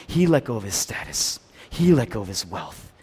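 A man preaching a sermon as pastor, swinging between loud, emphatic build-ups and hushed near-whispers, with repeated questions to the congregation. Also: fairly low pitch, big pitch swings, normal speed, slightly rough.

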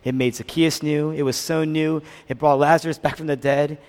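This pastor's voice is a little high, with fairly even intonation and a moderate pace. His sermon swings between loud, emphatic build-ups and quiet near-whispers, and he keeps asking the congregation questions.

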